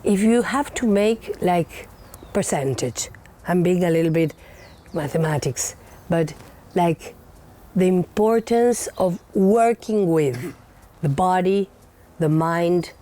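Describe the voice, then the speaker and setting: A woman's voice: lowish voice, animated, slow, dark tone. A woman host, a native Spanish speaker, asking questions in English and finishing her guest's sentences. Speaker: interview host. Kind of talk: casual interview.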